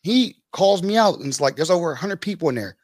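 Guy chatting in an interview, jumps up high when he quotes folks, dry close sound. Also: fast talker, dry recording. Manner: animated, acts out quoted people with big pitch jumps. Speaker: podcast host being interviewed as guest. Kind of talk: casual storytelling in an interview.

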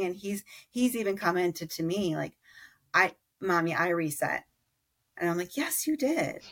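A woman's voice: low-pitched, a bit bright. A woman in her thirties, a mother and podcast guest, talking candidly and reflectively about parenting, with frequent fillers and restarts. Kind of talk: conversational interview.

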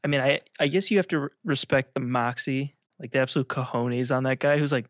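A man's voice: mid-range voice, fairly quick, dry recording, studio quality. A man co-hosting a podcast in casual chat, rambling and filling nearly every phrase with "like". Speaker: podcast co-host.

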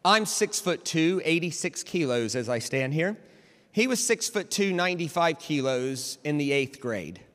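Animated male preacher in a hall. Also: fairly high pitch, a little slow. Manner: animated, dramatic, builds to near shouts. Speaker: pastor. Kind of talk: storytelling sermon.

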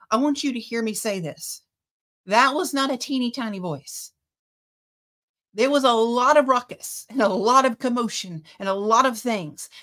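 A woman's voice: a little high, a bit bright. A woman preaching a sermon, reading scripture aloud and speaking with passionate emphasis.

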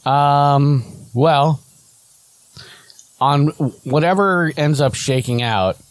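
A man's voice: fairly high pitch, extremely slow. A man co-hosting a podcast in casual chat, with wry, teasing banter. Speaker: podcast co-host.

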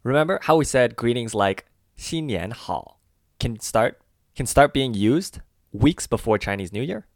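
A man co-hosting a language lesson, carefully walking through example phrases and slowing down on the key words. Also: medium pitch, lively intonation, dry recording, clean studio sound. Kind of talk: scripted explanatory lesson.

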